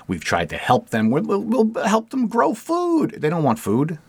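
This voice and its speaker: Male podcast host, deep-ish voice, dead dry sound, forceful opinion talk. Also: husky, no room sound. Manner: emphatic, repeats words when stressing a point. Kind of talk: opinionated political commentary.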